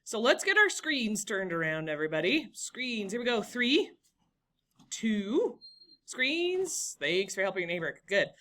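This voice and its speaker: Lively, bright-voiced woman teacher. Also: mid-range voice, measured pace. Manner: lively, encouraging, talks to students by name. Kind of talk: classroom lesson.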